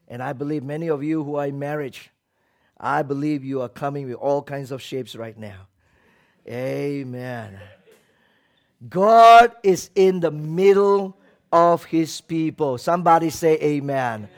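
A man with a high voice preaching a sermon. He swings between loud, emphatic bursts and low, quiet asides, and acts out the voices in the stories he tells. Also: expressive, slow. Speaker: pastor.

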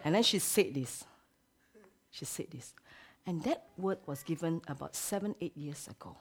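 A woman pastor preaching a sermon. She drops to hushed whispers, then rises to loud exclamations. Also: on the high side, very animated, moderate pace.

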